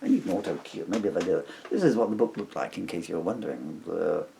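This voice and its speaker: A middle-aged man reading his own comic story aloud with wry, deadpan humour. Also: deep voice, fast talker, gravelly, slight background noise. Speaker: author reading his book.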